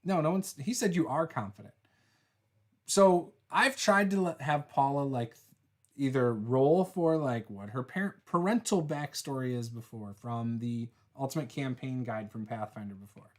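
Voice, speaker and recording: A man talking in an easy, rambling way as he hosts a casual chat, his voice sitting at an ordinary middle pitch. He teases his co-host and reads out viewer comments as the game master. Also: normal speed. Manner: relaxed, teasing, rambling with fillers.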